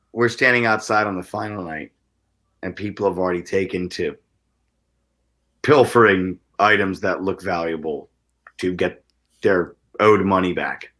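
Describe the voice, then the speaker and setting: A man in his thirties, a musician guest telling stories in a casual interview, animated and profane, with stammering restarts. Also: on the low side.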